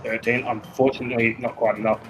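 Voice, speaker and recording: An Australian man narrating a tabletop game as game master, with a loose, relaxed delivery full of fillers. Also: medium pitch, fast, music in the background. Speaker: dungeon master. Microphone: podcast microphone.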